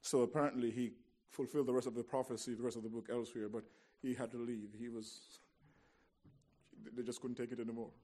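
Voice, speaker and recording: Speaking a little fast in a level, medium-pitched tone, a male preacher works through an expository sermon. His storytelling is dramatic, alternating quiet passages with forceful emphasis.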